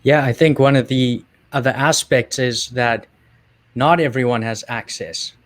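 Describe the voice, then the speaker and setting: South african guy explaining stuff calmly, dry close sound, mid voice. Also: mid-range voice, no room sound. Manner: measured, explanatory. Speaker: co-host. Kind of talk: casual explanation.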